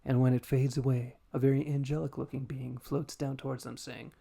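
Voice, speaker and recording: A man's voice: mid-range voice, flat delivery, a little fast, vocal fry, warm tone, husky. A man hosting a podcast, casually recapping a story, laughing often and swearing in a self-deprecating way. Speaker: podcast host.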